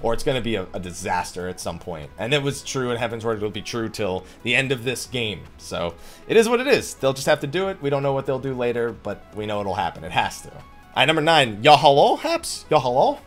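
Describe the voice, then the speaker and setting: A man's voice: mid-range voice, sing-song, fast talker, fairly bright tone, soft background music. A man hosting a casual Q&A, reading viewer questions aloud and answering bluntly with jokes. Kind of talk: casual Q&A chat about a video game.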